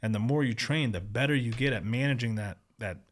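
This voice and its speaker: A male podcast host who also works as a police officer talks in a loose, casual interview. His delivery is profane and animated, full of stories. His voice sits at an ordinary middle pitch. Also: fairly quick.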